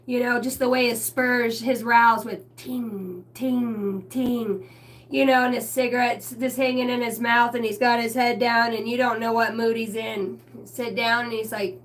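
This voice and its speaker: A woman's voice: on the high side, steady tone, slight background noise. A woman rambling casually to camera from a basement, laughing often and swearing as she tells stories. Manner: laughing, profane, storytelling with quick asides. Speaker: spiritual reader and vlogger. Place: basement room lit by a ring light.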